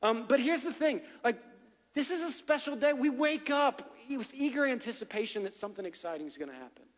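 A man's voice: very high voice, animated, fairly quick, long reverb tail. A middle-aged man preaching as a pastor, chatty and joking, often checking in with "right?". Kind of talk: sermon. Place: church sanctuary.

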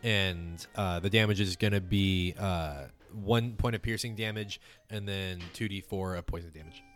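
Deep-voiced man running a tabletop game. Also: normal speed, faint music behind. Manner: relaxed, rambling, lots of fillers. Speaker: game master.

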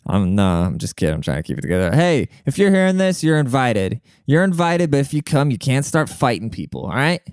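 A man's voice: mid-range voice, sing-song, fairly quick, few pauses, darkish tone, clear, resonant tone, no echo, studio quality. Slangy, profane young man rambling. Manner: profane, slangy, jokey, says "dude" constantly. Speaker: podcast host. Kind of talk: casual rambling monologue.

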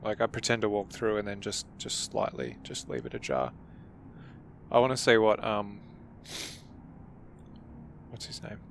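A man's voice: lowish voice, big pitch swings, a little slow, gravelly, long pauses, slight background noise. A man playing a tabletop game, speaking in character in a playful, mock-polite way. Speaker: player.

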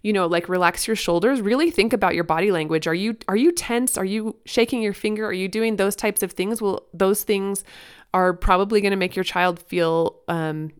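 Smooth-voiced woman giving parenting advice. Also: mid-range voice, moderate pace. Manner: earnest and encouraging, conversational with fillers. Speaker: parenting podcast host. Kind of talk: solo podcast advice talk.

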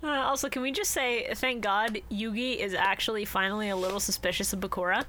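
A woman's voice: medium pitch, a little fast, slight background noise. A woman co-hosting a podcast, talking casually and giggling as she retells scenes. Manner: giggly, animated storyteller. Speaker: podcast co-host. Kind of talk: casual chat.

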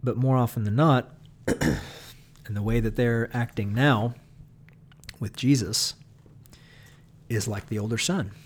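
A man, a pastor, talking through a Bible passage in a relaxed, conversational way, often checking in with "right?". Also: mid-range voice, slow, pauses often, breathy edge. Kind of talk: Bible study talk.

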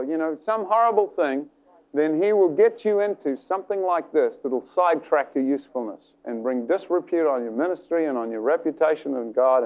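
Male preacher, high lively voice, acts out voices, tinny phone-like recording. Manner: animated storytelling, acts out voices. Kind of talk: sermon with retold story.

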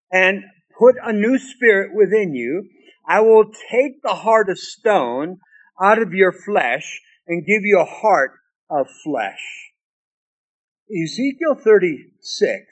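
A high-voiced man preaching a sermon. He reads scripture verses aloud and repeats key lines for emphasis. He drops into storytelling asides along the way. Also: rough recording. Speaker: pastor.

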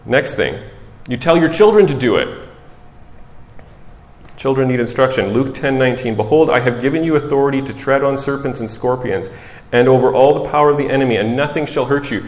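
A man preaching a sermon in a relaxed, conversational way, who often corrects himself and tells stories from his work as a child psychologist. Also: medium pitch, fairly quick. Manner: conversational, self-correcting, animated storytelling. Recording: echoey hall with long reverb.

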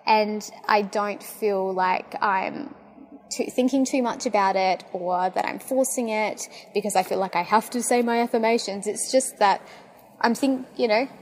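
A young woman with an Australian accent, talking casually and excitably as a podcast host, with lots of fillers. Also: medium pitch, a little slow. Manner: chatty and excitable, full of fillers. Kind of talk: casual monologue.

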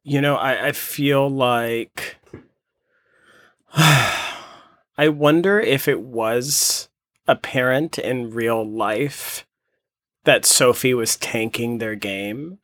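A podcast co-host chatting casually, reflective and halting with frequent restarts. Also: mid-range voice, a bit bright, no room sound, studio quality. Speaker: podcast co-host and former contestant. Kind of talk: casual recap chat.

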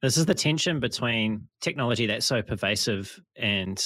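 A man hosting an interview, asking measured, thoughtful questions. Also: mid-range voice, lively intonation, a bit bright, dry recording. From New Zealand. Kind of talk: casual interview.

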